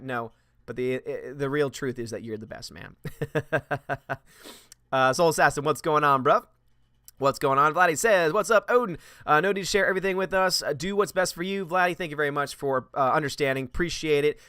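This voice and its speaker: A man's voice: on the high side, sharp tone, clean tone, no room sound, studio quality. A man hosting a live stream, greeting viewers by name and reading their chat messages aloud. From United States. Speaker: host.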